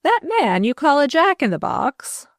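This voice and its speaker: A woman's voice: high voice, very animated, measured pace, no echo, voice pushed up, full character voice. A woman playing a wary, evasive middle-aged woman in a storybook, with a raised and clipped delivery. The recording is close and dry.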